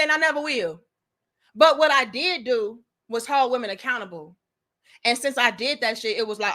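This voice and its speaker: A woman's voice: a little high, normal speed, pushed and bright. A young adult woman, delivering a blunt, profane, preachy opinion monologue as a commentary show host.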